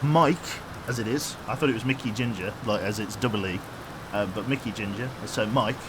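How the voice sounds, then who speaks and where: A man's voice: fairly low pitch, a little fast, background noise. A man streaming a submarine game live, rambling on and humming to himself as he picks his crew and reads out chat. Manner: rambling, hums while thinking, reads chat aloud. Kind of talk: live gameplay commentary.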